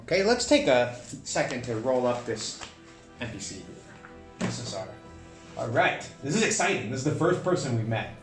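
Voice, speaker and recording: A man narrating a solo tabletop game, thinking aloud with many pauses and fillers. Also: mid-range voice, very animated, echoey room, faint music behind.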